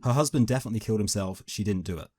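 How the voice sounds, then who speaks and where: Deep-voiced, fast-talking man reviewing a film. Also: dry recording, studio quality. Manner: animated, rambling with many "like" fillers. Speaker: podcast co-host, film reviewer. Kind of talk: casual film review chat.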